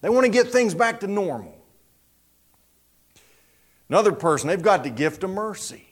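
Brief: male preacher, high voice, very lively storytelling. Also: normal speed. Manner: animated, dramatic storytelling. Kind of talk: sermon storytelling.

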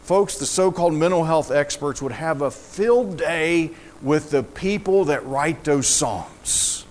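A man with a high-pitched voice preaches slowly and deliberately. He reads scripture with fervent feeling, and his voice climbs on the lines he stresses most. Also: darkish tone. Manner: slow, fervent, rising to emotional emphasis. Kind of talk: sermon with scripture reading.

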